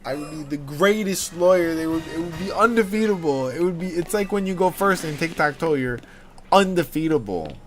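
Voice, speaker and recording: A man's voice: a little high, animated, a little fast. A young man chatting casually on a game livestream, rambling from one joke to the next, swearing freely and calling his viewers dude. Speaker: livestream gamer. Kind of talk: casual livestream chat while playing. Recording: game music playing under voice.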